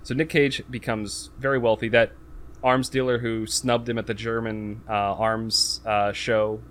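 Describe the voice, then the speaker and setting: A man's voice: lowish voice, little pitch movement, a little slow, fairly bright tone, slight background noise. A man in casual podcast chat, recapping a movie plot with lots of fillers and restarts. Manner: rambling, many fillers and restarts; acts out quotes in raised voice.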